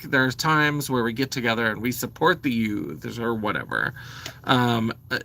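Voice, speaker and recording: Vlogger type: man in his forties, blunt and sweary, delivery that swings up and down with a bright, forceful edge. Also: medium pitch, gravelly. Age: 40s. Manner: animated, blunt, sweary, exasperated. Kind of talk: ranting to camera.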